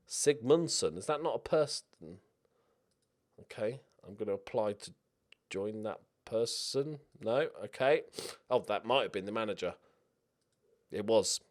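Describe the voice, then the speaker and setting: A young man giving excitable, jokey let's-play commentary with frequent swearing while talking to himself. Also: mid-range voice. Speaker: video game streamer.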